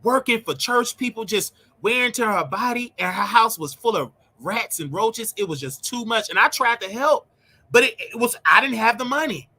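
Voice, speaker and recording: A man with a sharply bright voice relives a painful family story as a host talking straight to his listeners. He is emotional and animated, circling back over his words as he goes. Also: very high-pitched, normal speed, slightly rough. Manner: emotional, animated, repeats himself. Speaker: show host. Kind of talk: personal storytelling monologue.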